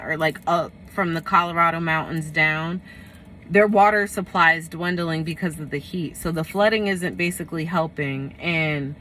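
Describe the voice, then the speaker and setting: Lady rambling thru a tarot reading, low-ish bright voice, little hiss behind. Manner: rambling, full of fillers and self-corrections. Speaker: tarot reader. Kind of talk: casual spoken tarot reading.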